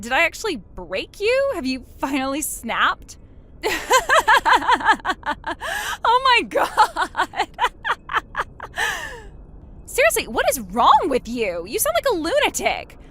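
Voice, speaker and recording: Voiced by a woman, a smug, cruel younger sister gloats in a high, lively, exaggerated voice that swoops up into mocking peaks. Her taunts are sing-song, relishing every jab.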